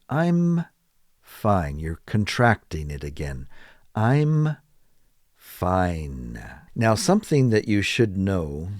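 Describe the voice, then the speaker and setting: Male teacher, lowish voice, very slow, stretched-out intonation on model phrases. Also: darkish tone, dry recording, studio quality. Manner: repeats model phrases slowly with exaggerated rising and falling intonation. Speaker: English teacher. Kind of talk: slow, deliberate spoken English lesson.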